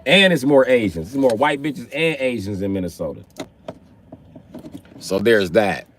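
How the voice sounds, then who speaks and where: A man's voice: medium pitch, lively intonation, unhurried, a bit bright, slight background noise. A young man from the Chicago area chatting casually with viewers on a phone livestream, rambling and profane with streetwise slang. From Chicago area, USA. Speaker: livestream host.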